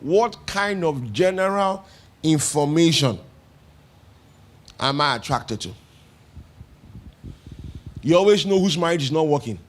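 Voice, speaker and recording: Nigerian preacher, conversational and questioning. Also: male voice, a little high. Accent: Nigerian English. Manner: repeats phrases for emphasis. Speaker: pastor. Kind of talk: sermon.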